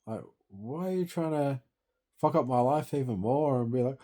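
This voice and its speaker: A man's voice: mid-range voice, moderate pace, warm tone. A young Australian man in distress, grieving and venting in a rambling, sweary monologue into his phone.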